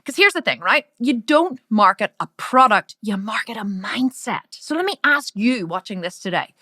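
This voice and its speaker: A middle-aged woman with an Irish accent giving a loud, brash business training talk, swearing freely. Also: a little high, expressive, moderate pace, hardly any pauses, dry recording, clean studio sound. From Ireland. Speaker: business coach.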